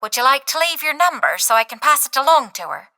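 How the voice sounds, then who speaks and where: A woman's voice: high-pitched, big pitch swings, fast, bright, forceful tone, no echo, clean studio sound, voice pushed up, exaggerated voice. A woman putting on a wary Irish mother. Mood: polite. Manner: clipped, wary. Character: guarded middle-aged Irish mother on the phone.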